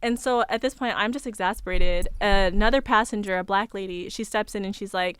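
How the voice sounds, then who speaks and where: Calm young woman with a smooth voice. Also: mid-range voice, dry recording. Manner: calm, measured storytelling. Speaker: studio guest. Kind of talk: recounting a personal story on radio. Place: radio studio. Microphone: studio microphone.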